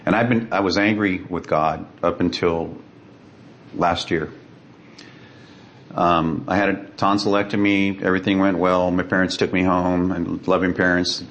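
Deep gravelly man telling his story. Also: little pitch movement, measured pace, a bit bright, muffled recording, slight background noise. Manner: earnest, dramatic retelling with quoted voices. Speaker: guest. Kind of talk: personal storytelling.

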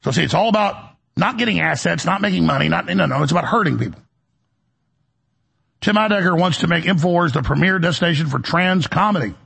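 A man with a slightly high, expressive voice talks fast, with a creak, a fairly bright tone and a breathy edge. He hosts a radio and web show from a studio, rambling through an agitated monologue full of repeated words and restarts.

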